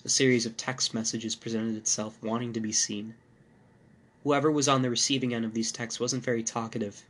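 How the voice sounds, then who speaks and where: A male podcast host narrating a first-person horror story in a measured, dark manner. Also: mid-range voice, flat delivery.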